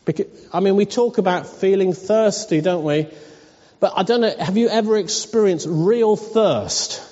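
A high-voiced pastor preaches to his church, mixing earnest pleading questions with soft laughs. His voice is mellow and warm, and it carries with a long reverb through a church hall on a dull, lo-fi recording. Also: moderate pace. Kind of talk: sermon.

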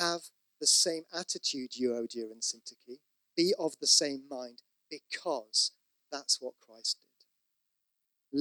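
A man's voice: on the high side, fairly bright tone, no room sound. A man preaching a sermon, conversational with asides, rising to emphatic repeated exhortations. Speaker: pastor.

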